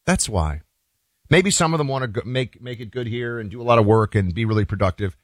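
A man's voice: mid-range voice, expressive, brisk, dry recording. A man hosting a talk show, giving an emphatic, opinionated monologue with folksy asides to the listeners.

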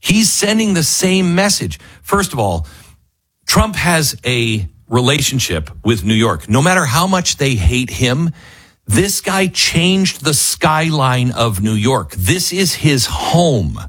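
A man hosting a talk radio show, delivering an emphatic opinion monologue that swings between loud and hushed. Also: mid-range voice, very animated, slow, slightly rough, dry recording. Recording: dry studio mic.

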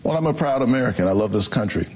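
A man, a pastor and senator, answering an interview with a preacherly cadence, quoting scripture and pausing on um and uh. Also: medium pitch, lively intonation, a little mellow.

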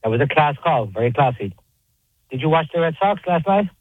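A man's voice: on the high side, animated, a little fast, breathy edge, no echo. A man who calls in regularly, rambling about sports. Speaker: regular caller. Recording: phone line.

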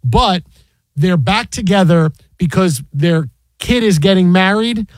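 A man hosting a sports talk show, chatting casually and excitably with lots of restarts. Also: high-pitched, measured pace, no room sound. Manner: rambling, excitable, many restarts.

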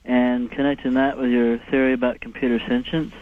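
A man on a call-in radio show pieces his question together haltingly. His voice comes through a thin, tinny phone line with a middle pitch. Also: little pitch movement. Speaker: caller. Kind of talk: phone-in chat.

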